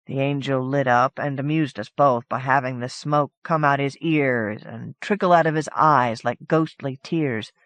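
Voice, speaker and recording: A woman's voice: rumbling low, unhurried, hardly any pauses, no echo. A woman reading a short story aloud in a casual, conversational first-person telling. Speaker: audiobook narrator. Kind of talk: scripted narration of a short story.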